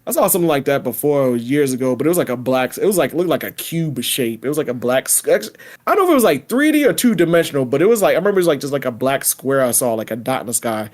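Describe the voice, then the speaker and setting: A man's voice: mid-range voice, fast talker. A man hosting a casual podcast, reading predictions aloud and riffing on them with laughs and slang. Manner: animated, laughing, reads predictions aloud then riffs. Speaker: podcast host.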